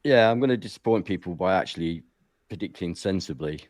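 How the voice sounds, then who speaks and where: A man's voice: low voice, expressive, brisk, darkish tone, dry recording. A man on a football podcast panel, giving his predictions in a blunt, joking way.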